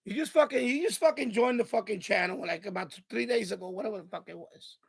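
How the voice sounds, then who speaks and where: A man's voice: sits high, fast talker, gravelly, breathy edge. A man hosting a live stream, ranting angrily and profanely at a viewer in the chat. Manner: angry, profane, repetitive rant.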